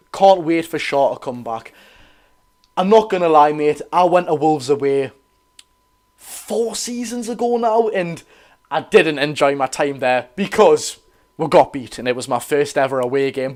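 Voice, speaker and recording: A young man with a Geordie accent hosting a live football watch-along, chatting excitably with viewers while chesty and coughing. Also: on the high side. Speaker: football fan channel host.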